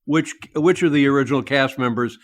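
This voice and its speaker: A man's voice: mid-range voice, a little fast. An older man as a podcast guest, recalling old memories in a rambling, hesitant way. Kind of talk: casual interview chat.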